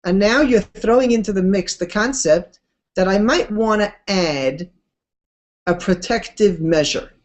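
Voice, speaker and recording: Here a woman teaching Torah shares stories in class. Unhurried and conversational, she varies her pitch expressively and throws in informal asides.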